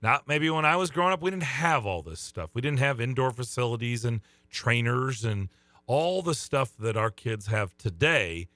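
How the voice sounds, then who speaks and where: A middle-aged man who coaches youth baseball, co-hosting a sports radio show with a somewhat hoarse voice and teasing, upbeat banter. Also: medium pitch, lively intonation, moderate pace, bright, forceful tone, no echo. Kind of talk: casual radio chat.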